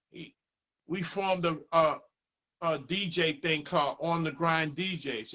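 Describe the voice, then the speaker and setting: A man tells stories as a DJ guest in a relaxed interview. His voice sits a bit high and bright, and it jumps up when he plays out other people's lines. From Boston, USA. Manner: animated, acts out dialogue in raised voice. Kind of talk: casual storytelling interview.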